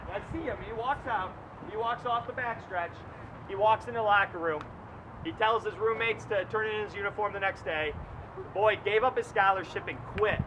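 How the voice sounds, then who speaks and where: A man, a track coach, tells a story as a lecture, talking loud and fast. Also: sits high, background noise. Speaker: track coach giving a presentation.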